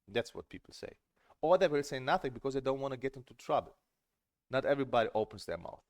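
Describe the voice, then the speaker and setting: A middle-aged man coaching on a stream in a casual, earnest and emphatic way, often repeating words when he gets excited. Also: mid-range voice, quick pace, no echo, clean studio sound. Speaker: table tennis coach and streamer.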